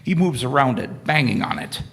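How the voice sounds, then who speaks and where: A man reads the stage directions of a live radio play in a plain, steady voice. His tone is slightly husky. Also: medium pitch, moderate pace. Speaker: narrator.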